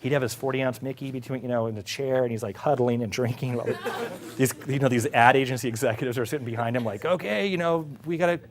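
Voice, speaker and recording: A middle-aged executive tells a casual story in an animated way. He laughs often and acts out the other people's lines. His voice sits at an ordinary mid-range pitch. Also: fast talker, crowd noise. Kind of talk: casual anecdote.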